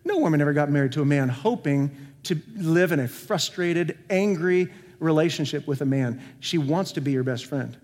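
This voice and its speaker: Higher-voiced male pastor, earnest sermon delivery, reverberant church sound. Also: expressive, moderate pace. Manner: earnest preaching with rhetorical questions, swinging between emphatic and soft. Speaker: senior pastor. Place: church sanctuary. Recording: long hall reverb.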